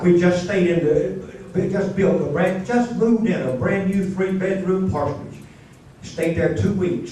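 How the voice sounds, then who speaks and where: Older preacher telling a story in an echoey church. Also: male voice, high voice, a little mellow, far from the mic, slight background noise. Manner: folksy, stammering restarts, emotional testimony. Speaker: pastor. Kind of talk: storytelling sermon. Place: church sanctuary.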